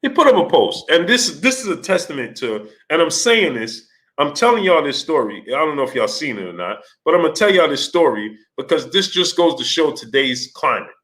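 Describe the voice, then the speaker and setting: A man's voice: on the high side, sing-song, fairly quick, a bit bright. A man hosting a casual sports livestream, greeting viewers in the chat by name and ranting in a loose conversational way. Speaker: livestream host.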